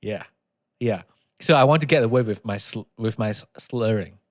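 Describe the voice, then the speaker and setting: A man co-hosting a podcast, talking quickly and nervously with stumbles and restarts. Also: fairly low pitch. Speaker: podcast co-host. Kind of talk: casual podcast chat.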